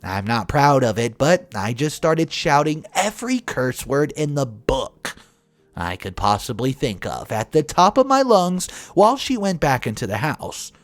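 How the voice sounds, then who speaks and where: A man narrating a family drama story in a scripted, expressive way, swinging between flat and emphatic delivery. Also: medium pitch, measured pace, no room sound.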